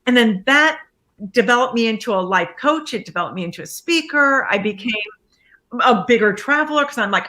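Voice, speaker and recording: A woman, a life coach, being interviewed and telling her story in a lively way, acting out the lines of people she quotes. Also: on the high side, a little fast, slight background noise.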